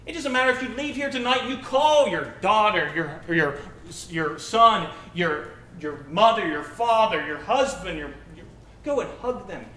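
A young male preacher delivering a sermon with a bright, forward voice pitched a touch high. He shifts between loud emphatic urging and soft, quiet asides. The sound carries the echo of a church hall. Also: lively intonation, measured pace. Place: church sanctuary.

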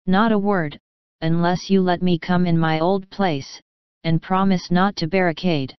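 A mischievous young husband, full of teasing good cheer, as a woman puts him on in a storybook reading. The voice is low-set and very smooth, close and dry, with slightly dull sound. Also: fairly even intonation, a little slow, no room sound, lightly acted. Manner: teasing, playful.

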